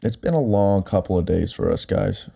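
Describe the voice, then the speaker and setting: A young man co-hosting a home podcast, his voice very low and gravelly with a dark tone. He rambles with plenty of fillers and pokes fun at himself. He sits close on a directional mic. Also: expressive, moderate pace, no room sound. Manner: rambling, self-deprecating, many fillers. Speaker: podcast co-host. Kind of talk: casual chat.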